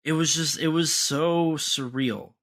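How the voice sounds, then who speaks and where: Halting, bright-voiced young man. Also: on the high side. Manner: rambling, halting, many restarts and fillers. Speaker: podcast co-host. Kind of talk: casual podcast chat.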